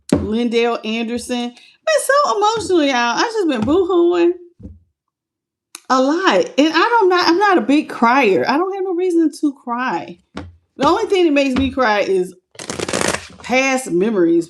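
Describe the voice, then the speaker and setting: Chatty woman, live-stream tarot reader, voice sits a bit high. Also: slight background noise. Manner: chatty, greets chat viewers by name.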